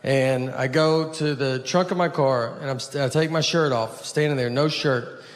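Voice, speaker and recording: Deadpan stand-up man. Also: mid-range voice, normal speed. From Tennessee. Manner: deadpan, rambling, self-deprecating. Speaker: stand-up comedian. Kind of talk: stand-up set. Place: theater stage with a laughing audience. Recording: live stage recording with clear noise.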